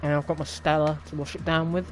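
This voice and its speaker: Wry, rambling man, slightly high voice. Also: level tone, fast, faint music behind. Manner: rambling, wry, laughs often at the chaos. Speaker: league stream host. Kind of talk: casual live-stream chat.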